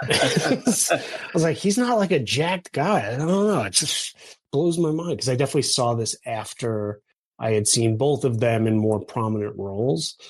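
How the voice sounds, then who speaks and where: A man chatting on a movie podcast, telling stories in an animated way and laughing often. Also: medium pitch, gravelly. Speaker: podcast co-host. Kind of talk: casual movie podcast chat.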